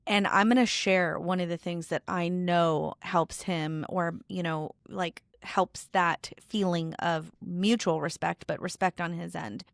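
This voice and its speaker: A woman's voice: fairly low pitch, fairly even intonation, unhurried, gravelly, few pauses, dry recording, clean studio sound. A woman in her thirties hosting a podcast interview, talking in a chatty, casual way with many fillers. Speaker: podcast host.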